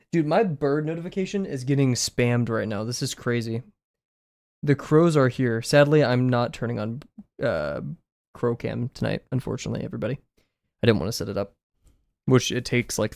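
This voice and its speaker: A man's voice: medium pitch, darkish tone, dry recording, studio quality. Rambling man chatting on a drawing stream. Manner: rambling, self-deprecating, chatty. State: slightly scratchy voice. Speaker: art livestreamer. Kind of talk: casual live-stream chat while drawing. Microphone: desk mic, no camera.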